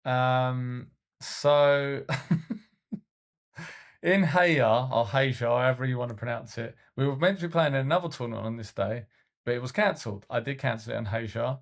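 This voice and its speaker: Gravelly-voiced coach, casual podcast co-host, loose rambling anecdotes. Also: male voice, medium pitch, moderate pace. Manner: rambling storytelling with many fillers and restarts.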